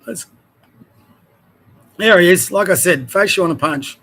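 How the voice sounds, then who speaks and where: A man's voice: high-pitched, lively intonation, a little slow, bright, forceful tone, husky. An Australian man hosting his own show, ranting in a heated, rambling way and trailing off mid-sentence. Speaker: show host. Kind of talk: ranting commentary.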